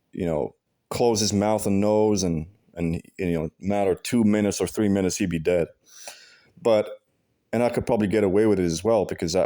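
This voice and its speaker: Low mellow man rambling. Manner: halting, with many fillers and restarts; heavy profanity, blunt and aggrieved. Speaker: vlogger. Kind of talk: casual rambling monologue.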